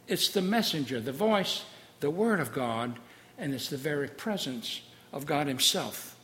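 A man preaching a sermon as pastor, emphatic, repeating key phrases and sinking to a soft hush. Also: a little high, lively intonation, a little slow, in a large hall, slight background noise.

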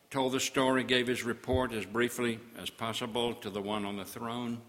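Man, dramatic accusing sermon, bright tense voice, long hall reverb, hushed to loud. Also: medium pitch, flat delivery, normal speed, few pauses. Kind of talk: dramatic scripture-based sermon monologue.

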